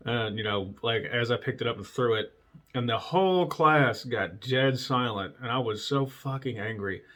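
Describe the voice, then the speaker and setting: A man's voice: mid-range voice, moderate pace, fairly bright tone. Man, solo podcast host, blunt and profane, casual storytelling, laughs at himself. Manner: profane, blunt, laughs at his own stories.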